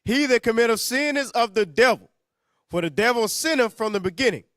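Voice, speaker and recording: A man's voice: extremely high pitch, expressive, fairly quick, fairly bright tone, no room sound, clean studio sound. A man reading scripture aloud in a formal King James cadence, announcing book, chapter and verse. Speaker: scripture reader.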